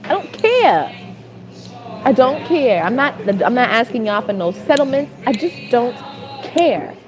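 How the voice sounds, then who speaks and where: A woman vlogger telling a story as a rant, animated and exasperated, repeating phrases for emphasis. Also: a little high, a little slow, a crowd in the background.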